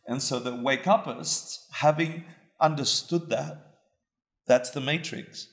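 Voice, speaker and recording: Man, dharma teacher, gravelly voice, self-mocking chatty talk, echoey room. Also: on the high side, takes it slowly, fairly bright tone. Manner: conversational and self-mocking, asks the audience questions.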